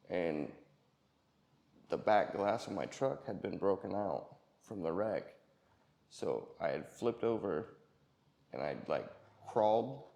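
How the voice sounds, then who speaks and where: A man with a gravelly, low-set voice recounts his own story in a plain, halting way, full of ums and restarts. He speaks, as a personal testimony. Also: a little mellow. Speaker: employee sharing personal story.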